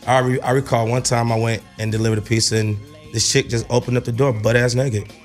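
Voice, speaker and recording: A man's voice: medium pitch, little pitch movement, fast talker, soft background music. Young male co-host for casual radio banter, loose and joking, swears freely, reads the questions. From Gary, Indiana.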